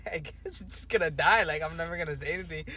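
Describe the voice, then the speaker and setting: A young man with a fairly high voice tells a story on a casual podcast, animated and peppered with swearing, "like" and "bro". A faint background hum sits under the talk. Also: fast. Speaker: podcast host.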